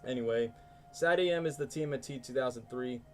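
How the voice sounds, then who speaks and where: A young man hosts a live stream, chatting casually and animatedly with plenty of fillers while ranking shows live. His mid-range voice is brisk, with slight background noise.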